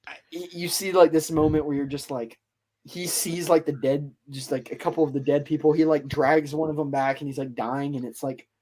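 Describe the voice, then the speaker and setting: A man's voice: on the high side, steady tone, a little fast, darkish tone. A man hosting a podcast, retelling a story in a loose, rambling way with lots of fillers. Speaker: podcast host. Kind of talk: casual storytelling chat.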